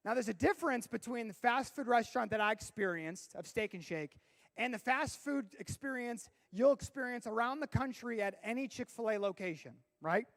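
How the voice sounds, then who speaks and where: A man giving a lively youth sermon, his voice sitting high for a man. He tells stories with big swings, dropping low and then shouting out the punchlines. A gravelly edge runs through his voice. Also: moderate pace. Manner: animated storyteller, bursts into shouting for effect. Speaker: youth pastor.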